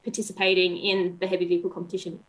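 A woman's voice: fairly low pitch, little pitch movement, very fast, low-quality recording. A young woman, chatting as a guest over a video call, bubbly and laughing often.

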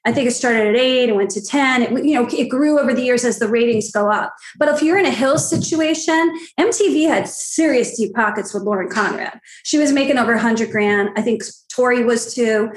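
A middle-aged woman matchmaker telling stories in an animated, blunt and profane way, playing out quotes in a shrill voice. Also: fairly quick, few pauses, echoey room. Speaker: matchmaker guest. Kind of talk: animated storytelling chat.

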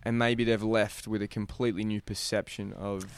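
A man hosting a podcast interview, asking easygoing, halting questions. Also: fairly low pitch, flat delivery, clean tone, dry recording. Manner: easygoing, hesitant questions with restarts. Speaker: podcast host. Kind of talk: casual interview.

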